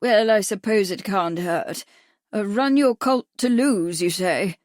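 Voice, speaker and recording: A woman voicing a gruff, crafty, hard-of-hearing old male doctor who asks brusque, clipped questions. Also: mid-range voice, unhurried, darkish tone, no room sound, clean studio sound, lightly acted. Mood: curt.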